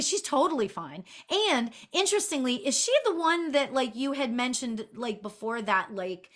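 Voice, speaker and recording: A middle-aged woman working as a spiritual medium, chatting casually through a live online reading, sing-songy and quick to laugh, with lots of fillers. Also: on the high side, fairly bright tone.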